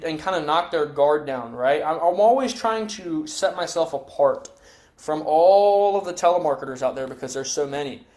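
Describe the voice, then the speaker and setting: Fast-talking energetic sales coach man. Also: on the high side. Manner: energetic, blunt, salesy, with frequent "right?" and "dude". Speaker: life insurance sales trainer.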